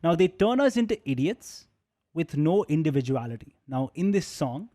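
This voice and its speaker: A male radio jockey walks listeners through songs in a loose, conversational way. His voice sits a little high and sounds soft and mellow. He keeps asking rhetorical questions as he explains. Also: very animated, moderate pace. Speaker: radio jockey hosting a music session. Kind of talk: casual music presentation.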